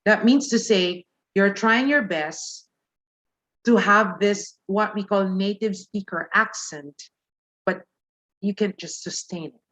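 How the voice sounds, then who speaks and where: A woman's voice: medium pitch, slow pace, fairly bright tone, rough recording. A woman from the Philippines with a Filipino accent, teaching a live online speaking lesson and pressing each point with a questioning "okay?".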